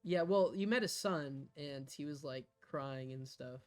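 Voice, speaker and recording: A man's voice: a little high, a little slow, soft background music. Hesitant man prompting a tabletop story. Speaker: fellow player or game master. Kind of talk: casual tabletop game chat.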